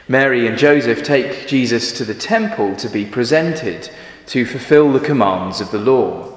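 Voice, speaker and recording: Slow, expressive male preacher in echoey church. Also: medium pitch. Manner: expressive, measured storytelling delivery. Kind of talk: sermon. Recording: echoey church with long reverb.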